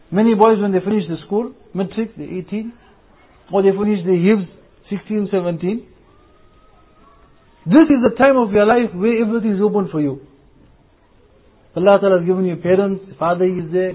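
A man's voice: high voice, slightly rough. A man giving an Islamic talk to young people, repeating phrases and asking rhetorical questions as he tells everyday stories. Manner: repetitive, rhetorical questions, anecdotal. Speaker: Muslim preacher. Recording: phone-like lo-fi.

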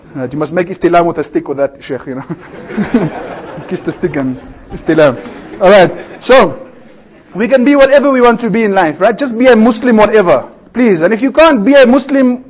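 A man's voice: sits high, expressive, fairly quick. A man preaching as a maulana in a humorous sermon, cracking jokes and asking rhetorical questions. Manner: joking, rhetorical questions, laughs at own jokes. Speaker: maulana giving a bayan. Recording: tinny phone-like sound.

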